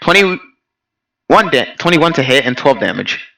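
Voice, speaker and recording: A man playing a tabletop game, chatting excitedly as he rolls for his character. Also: medium pitch, measured pace, creaky, rough recording. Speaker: player. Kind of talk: casual tabletop game chat.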